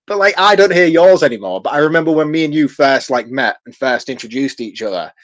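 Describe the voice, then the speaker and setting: A man's voice: a little high, expressive, a little fast, a bit bright, no echo. A man with a Yorkshire accent co-hosting a film podcast, chatting loosely, swearing casually and laughing often. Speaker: podcast co-host. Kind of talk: casual film review chat.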